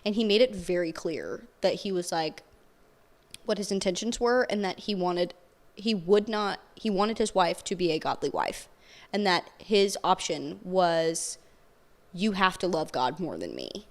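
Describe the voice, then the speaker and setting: A young woman telling a personal story in casual podcast conversation, animated and peppered with "like". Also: lowish voice, a little slow. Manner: animated storytelling, heavy use of "like".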